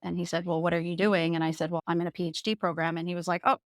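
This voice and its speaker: Candid woman with a smooth voice. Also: lowish voice, rapid-fire, no room sound, clean studio sound. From Jersey Shore, USA. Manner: lively, laughs while telling stories. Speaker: podcast guest. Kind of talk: candid personal storytelling.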